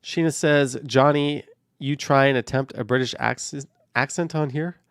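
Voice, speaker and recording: Man, livestream host, gravelly voice, dry close sound, casual rambling chat from a moving car. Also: medium pitch, fairly even intonation, moderate pace, no room sound. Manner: offhand, rambling, hedges with "I don't know". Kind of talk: casual live chat, reading viewer comments. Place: in a car while driving on a highway. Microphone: camera on a car mount.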